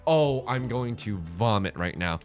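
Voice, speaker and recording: A man's voice: fairly low pitch, lively intonation, a little slow, faint music behind. A man hosting a game let's play, commenting with jokes and swinging between mock despair and hype.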